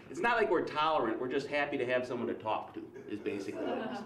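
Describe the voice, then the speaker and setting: A man from Wisconsin with a Wisconsin accent doing a stand-up comedy set on a club stage, wry and self-deprecating, with quick asides to the crowd. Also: mid-range voice, big pitch swings, far from the mic, heavy background noise. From Wisconsin, USA. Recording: roomy live stage sound from off-mic. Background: audience laughter.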